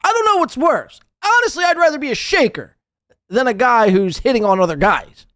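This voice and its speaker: A man hosting a live podcast, ranting with crude, sarcastic mockery and swinging between loud outbursts and muttered asides. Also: extremely high pitch, animated, fairly quick, dry recording, studio quality. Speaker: podcast host.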